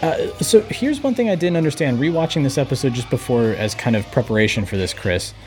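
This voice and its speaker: A male podcast co-host talking casually, pausing often with ums and uhs. His voice is mid-pitched, with faint music in the background. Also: animated. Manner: hesitant, many fillers. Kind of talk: casual chat.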